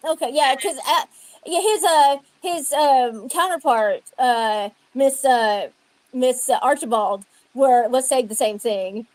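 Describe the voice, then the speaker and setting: High, sarcastic woman, dry close sound. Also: slow, a little mellow, no echo, low-quality recording. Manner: sarcastic, mock congratulating. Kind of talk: casual commentary chat.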